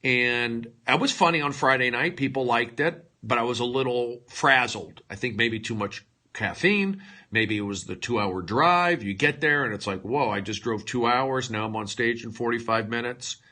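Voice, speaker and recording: A male comedian rambling through a livestream monologue, lurching between loud outbursts and hushed mutters, with mock-dramatic, self-mocking asides into a phone. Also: medium pitch, animated, moderate pace.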